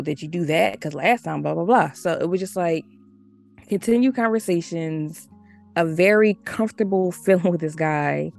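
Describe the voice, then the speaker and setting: A woman from the United States telling a story as a podcast guest, chatty and animated, full of "like" and laughter. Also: on the low side, creaky. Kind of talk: casual storytelling.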